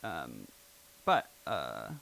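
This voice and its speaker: A man's voice: very deep voice, sing-song, drawn-out words, creaky, fairly bright tone, a little hiss or hum, poor audio. A man giving a casual live talk at a poetry and technology evening, loose and chatty with many fillers. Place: live event venue.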